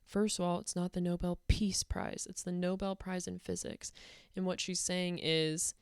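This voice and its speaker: Low-voiced woman ranting bluntly. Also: level tone, moderate pace, clear, resonant tone, no room sound, studio quality. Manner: blunt, sarcastic, swears often. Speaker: YouTube commentator. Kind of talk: heated rant to camera.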